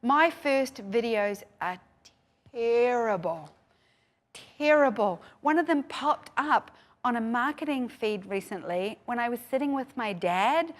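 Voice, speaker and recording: A woman's voice: on the high side, lively intonation, a little slow. Emphatic New Zealand woman on stage. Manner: emphatic, repeats key phrases. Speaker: keynote speaker. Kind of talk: motivational conference talk. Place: conference stage before a live audience.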